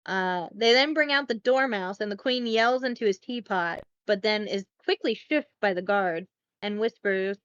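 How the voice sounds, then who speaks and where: A woman's voice: mid-range voice, moderate pace, smooth, dry recording, muffled recording. A woman hosting a podcast, casually recapping a film in a chatty, rambling way with some swearing. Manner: chatty, swearing, rambling with fillers and self-corrections. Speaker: podcast host.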